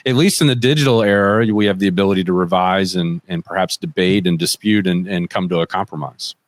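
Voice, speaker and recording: A man's voice: low voice, quick pace, no room sound. A man hosting a podcast interview, explaining points fluently to his guest. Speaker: podcast host. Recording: dry close sound.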